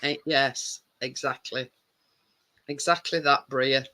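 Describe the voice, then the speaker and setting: A woman's voice: very deep voice, fairly even intonation, takes it slowly, bright, forceful tone. A woman hosting a live stream, chatting casually and rambling with repeated words and restarts.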